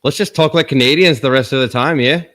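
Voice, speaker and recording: Man in his 30s, joking stream host, mid-pitched, teasing banter. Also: fast talker, fairly bright tone. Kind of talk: casual joking chat.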